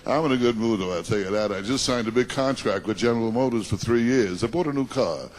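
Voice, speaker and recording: New man firing off self-deprecating one-liners. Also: medium pitch. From Long Island, New York. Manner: rapid-fire self-deprecating one-liners, working the crowd. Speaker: stand-up comedian. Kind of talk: stand-up comedy routine. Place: comedy stage before a live audience. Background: audience laughter.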